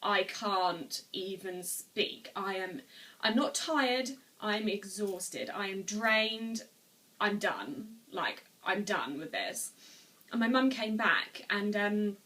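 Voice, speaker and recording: A woman's voice: medium pitch, lively intonation, takes it slowly, bright, forceful tone, far from the mic. A woman in her twenties telling a personal story to camera at home, earnest and rambling with many restarts. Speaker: vlogger. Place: room at home, seated.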